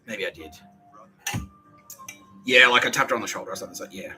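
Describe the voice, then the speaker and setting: A man's voice: on the low side, quick pace, bright, forceful tone, soft background music, low-quality recording. A man with an Australian accent, hosting a podcast, telling a rambling story full of swearing and laughter. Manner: profane, laughing, agitated storytelling. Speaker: podcast host. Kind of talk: rambling monologue.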